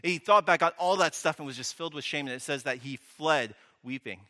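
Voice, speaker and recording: A pastor preaches in a bright, forceful voice, keeping it conversational with questions to the room and wry asides. His words ring with a long hall reverb. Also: a little high, fast. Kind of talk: sermon.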